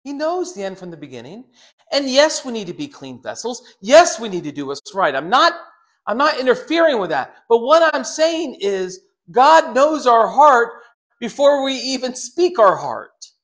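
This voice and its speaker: A man's voice: very high voice, normal speed. A man preaching a sermon, talking straight to his congregation and acting out the quotes he tells. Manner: animated, dramatizes quotes with put-on voices; talks directly to congregation members. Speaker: pastor.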